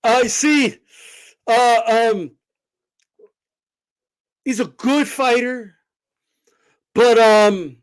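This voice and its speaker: A man talking boxing in a casual vlog, animated and swearing, rambling with lots of fillers. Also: very high voice, extremely slow, long pauses, clear, resonant tone. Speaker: boxing commentator.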